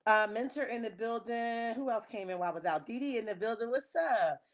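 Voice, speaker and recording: A woman hosting a reality TV recap livestream, chatting casually with viewers in a lively, slangy, opinionated way. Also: fairly high pitch, brisk. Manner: lively and chatty, greets chat viewers by name.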